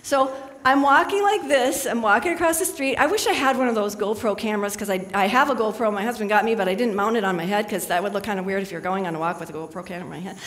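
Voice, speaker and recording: A woman's voice: medium pitch, fast talker, fairly bright tone, long reverb tail. A middle-aged woman speaking as a spiritual speaker to a live audience in a chatty, storytelling manner.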